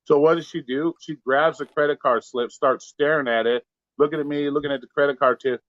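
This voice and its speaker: A man's voice: a little high, steady tone, a little fast, fairly bright tone, dry recording, lo-fi sound. A man, a delivery driver, telling a heated, profane story in casual talk and acting out the lines of the people in it. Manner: profane, heated, acts out quotes. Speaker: pizza delivery driver guest.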